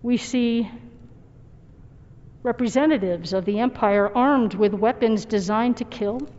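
A woman's voice: sits high, darkish tone. A woman pastor giving a sermon in an earnest, reflective and personal way. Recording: dull recording with long hall reverb.

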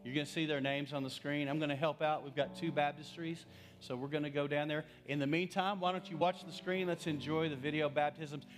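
A man's voice: on the high side, fairly even intonation, brisk, soft background music. A man preaching as pastor in a large church, leading an earnest altar call with pleading repetition.

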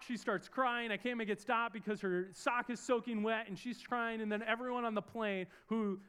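A man's voice: high-pitched, brisk, fairly bright tone, clear, resonant tone. A young man preaching a sermon in church, earnest and storytelling, building up to emphatic peaks as he prays. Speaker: pastor. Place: church service in a room.

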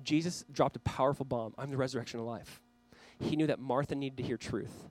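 A man's voice: mid-range voice, steady tone, a little fast, darkish tone, rough recording. A man preaching a sermon as pastor, earnestly urging his listeners. He speaks straight to a camera for viewers watching online.

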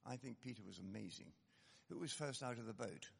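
Gravelly, animated preacher. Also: male voice, mid-range voice, a little fast, in a large hall. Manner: animated, conversational, self-deprecating asides. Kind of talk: sermon.

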